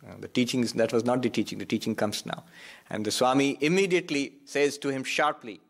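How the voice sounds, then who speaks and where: A monk giving a reflective spiritual talk, repeating key phrases for emphasis. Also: male voice, mid-range voice, fairly even intonation, brisk, vocal fry. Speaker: monk and Vedanta teacher.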